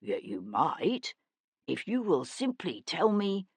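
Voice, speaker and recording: A woman voicing a small, calm older magistrate who speaks slowly in a measured, plodding way. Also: sits low, husky, no room sound, full character voice. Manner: slow, measured, even calm.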